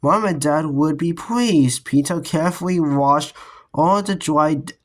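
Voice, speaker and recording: A man reading a children's book aloud in a slow, careful way. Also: on the high side. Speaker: reader.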